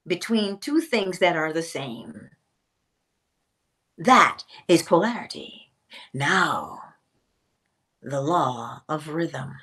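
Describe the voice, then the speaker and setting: A woman teaching a spiritual lesson in a theatrical way, pausing often and dropping to a whisper for emphasis. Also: on the low side, breathy edge.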